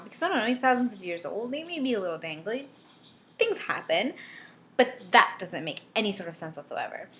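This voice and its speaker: A woman's voice: mid-range voice, fairly bright tone. A woman reading a novel aloud, breaking off for sarcastic, exasperated asides. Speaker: reader of a novel with commentary.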